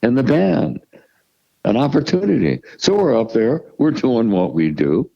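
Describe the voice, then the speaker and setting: Gravelly older man telling blunt stories. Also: mid-range voice, very animated, measured pace, mellow, dull audio. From United States. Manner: profane, emphatic, restarts and repeats words. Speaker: musician guest. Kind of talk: storytelling interview.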